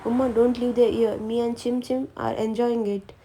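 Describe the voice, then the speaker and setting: A woman's voice: on the high side, flat delivery, brisk, mellow, slight background noise, lightly acted. A woman reading a story aloud, voicing a childish young husband who whines for treats. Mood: whiny. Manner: whining, childish.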